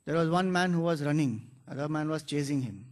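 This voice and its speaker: A spiritual teacher speaks in a high, clear voice. His talk is earnest and explanatory, with scripture quoted along the way. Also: expressive, brisk. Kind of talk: spiritual discourse.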